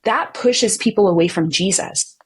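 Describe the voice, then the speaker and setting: Earnest woman with a husky voice. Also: normal speed, poor audio. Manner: earnest, acts out quoted people with sharp pitch jumps; faith-centered, speaks with conviction. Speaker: podcast guest. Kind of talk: candid conversational interview.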